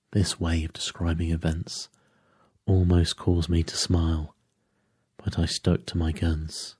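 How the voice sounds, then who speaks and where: A man narrating a bedtime sleep story in a calm, measured way. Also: low-pitched, slightly rough, dry recording, clean studio sound.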